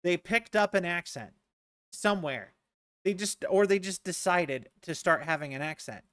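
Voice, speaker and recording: Live streamer from rural US, loose chatty ramble, crisp voice, dry close mic. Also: medium pitch, normal speed, a bit bright, no echo. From rural United States. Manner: rambling, many "like"s and restarts, amused. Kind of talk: casual chat while streaming a game.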